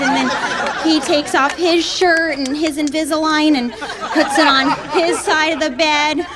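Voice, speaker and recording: A woman with a notably high voice performs stand-up in a comedy club. Her delivery is chatty and a little hesitant, full of small fillers. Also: a bit bright. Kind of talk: stand-up set.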